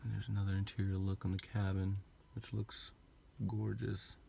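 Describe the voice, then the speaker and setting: A young man with a low, deep voice gives a relaxed, chatty car walkthrough, full of "like" and "you know." Faint background noise sits under his voice. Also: normal speed, creaky. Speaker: car reviewer. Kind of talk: casual product walkthrough. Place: inside a car.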